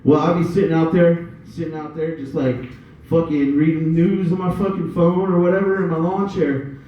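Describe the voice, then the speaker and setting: A man's voice: a little high, flat delivery, moderate pace. Brief: cussing stand-up man, rambling delivery, echoey and dull far-off sound. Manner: rambling, profane, loose storytelling. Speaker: stand-up comedian. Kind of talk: stand-up comedy set.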